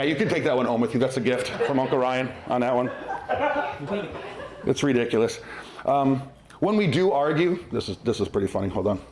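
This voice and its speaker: A middle-aged man doing a conversational, self-mocking stand-up comedy set at a live venue. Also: medium pitch. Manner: conversational, self-mocking, acts out silly voices. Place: winery venue with live audience. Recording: roomy live venue with audience laughter.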